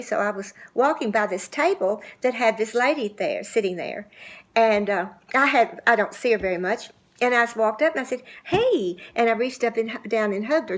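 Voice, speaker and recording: An older woman giving a devotional church talk, homey and anecdotal, gently urging her listeners. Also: on the high side. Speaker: church speaker.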